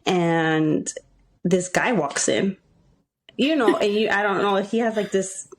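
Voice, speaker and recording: A woman co-hosting a podcast, telling a story in a rambling, animated way with frequent laughs. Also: mid-range voice, slow. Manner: rambling, animated, laughs often, acts out quotes. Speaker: podcast co-host. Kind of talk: casual storytelling chat.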